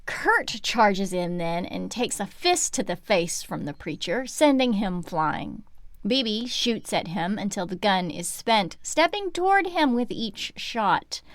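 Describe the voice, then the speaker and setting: A woman's voice: medium pitch, sing-song, takes it slowly, no room sound. A woman co-hosting a book podcast, summarizing a horror novel with wry asides. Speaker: podcast co-host. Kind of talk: casual book recap chat.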